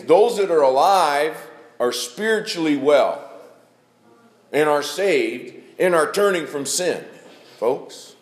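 Male preacher, middle-aged, folksy sermon delivery, animated rise and fall, slightly high voice, echoey church room. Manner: folksy, addresses congregation by name.

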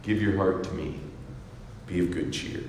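A man preaching a sermon, dropping to a hush for scripture quotes and rising loud for emphatic asides. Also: low voice, normal speed, a little hiss or hum. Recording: echoey hall with faint ambience.

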